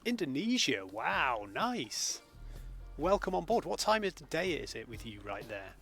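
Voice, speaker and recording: A man's voice: fairly high pitch, big pitch swings, measured pace, gravelly, fairly bright tone, soft background music. A man, chatting casually with viewers during a live gameplay stream from home. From England. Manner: chatty, greets viewers by name.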